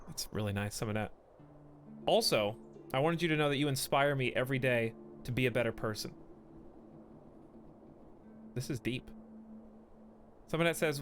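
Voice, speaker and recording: Chatty, bright-voiced man streaming a game. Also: mid-range voice, expressive, a little hiss or hum. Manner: rambling, joking, quick to laugh. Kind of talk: casual gameplay stream commentary.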